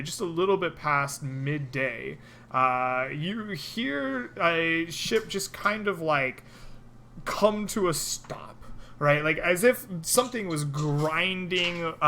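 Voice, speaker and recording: A woman runs a tabletop game, narrating loosely with many fillers. Her voice is bright and animated, and a faint ambience sits behind it. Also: low-pitched, a little hiss or hum. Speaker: game master.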